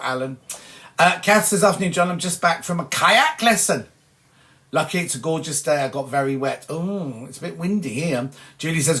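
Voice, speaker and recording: A man's voice: on the high side, fairly bright tone. A British man hosting a sewing livestream, reading viewers' comments aloud with cheeky, chatty asides. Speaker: host of a sewing show.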